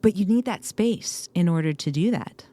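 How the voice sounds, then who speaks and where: A woman co-hosting a parenting podcast, chatting casually and telling animated stories with chuckles. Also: lowish voice, normal speed. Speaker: podcast co-host.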